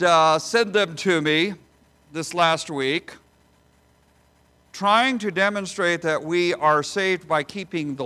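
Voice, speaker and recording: A man preaching a sermon as a pastor, asking rhetorical questions and swinging from soft asides to loud, emphatic bursts. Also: a little high, creaky.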